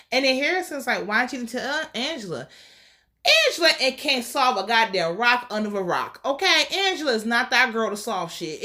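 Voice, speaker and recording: A woman talks through a TV episode in a loose, sassy recap, swearing freely and slipping into the characters' voices. Her voice sits a little high and has a bright, forceful edge. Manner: sassy, animated, mimics characters' lines. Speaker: TV show reviewer. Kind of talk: casual profane recap.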